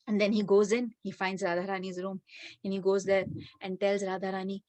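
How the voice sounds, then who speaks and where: A woman giving a devotional talk, telling a sacred story with lively, animated delivery. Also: mid-range voice, brisk, no room sound. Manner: animated storyteller, many fillers. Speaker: devotional speaker.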